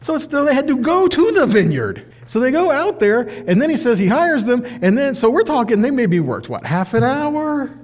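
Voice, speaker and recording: A man teaching a conversational sermon, animated and acting out the people in the story. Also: very high-pitched, normal speed, hardly any pauses, in a large hall. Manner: animated, acts out quoted voices. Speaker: bible teacher.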